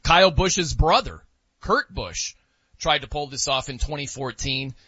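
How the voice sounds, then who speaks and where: A man co-hosting a casual sports talk show, animated and laughing as he talks. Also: a little high, a little slow, husky, no room sound. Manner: animated, laughing, mimics wrestling announcers. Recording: dull lo-fi dry sound.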